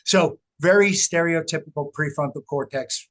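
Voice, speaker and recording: A middle-aged man, a researcher, telling his story in an interview with animated, emphatic delivery. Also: a little high, normal speed. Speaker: guest, researcher. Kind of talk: casual interview talk.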